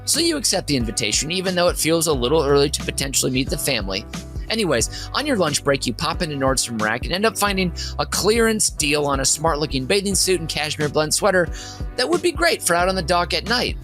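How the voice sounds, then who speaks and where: A man's voice: a little high, big pitch swings, fast talker, a bit bright, soft background music. A man from Minnesota hosting a comedy podcast, reading a comic top-five list in a rambling, giggly way that keeps interrupting itself. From Minnesota, USA. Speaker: podcast host.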